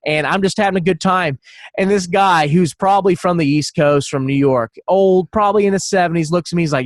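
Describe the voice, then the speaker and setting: A man's voice: high-pitched, brisk, no echo, clean studio sound. A man co-hosting a podcast, telling a rambling, profane story with lots of laughter. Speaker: podcast co-host. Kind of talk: casual podcast chat.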